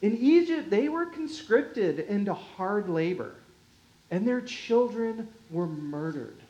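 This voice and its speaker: A pastor giving a sermon in a measured, unhurried way, often dropping softly in volume and chuckling lightly. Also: mid-range voice, lively intonation, dull audio. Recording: roomy echo.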